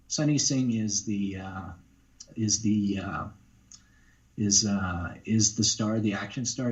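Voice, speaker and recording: A man's voice: medium pitch, highs cut off. A man, a voice actor, talking casually in an interview, rambling with many fillers and restarts. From Canada. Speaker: guest voice actor.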